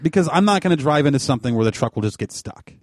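A man telling a long, rambling story in casual chat, animated and full of fillers. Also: a little high, rapid-fire, no echo, clean studio sound.

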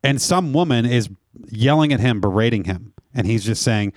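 A man co-hosting a casual podcast, telling an animated, profane story. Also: medium pitch, moderate pace, no echo, studio quality. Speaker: podcast co-host. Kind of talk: casual chat.

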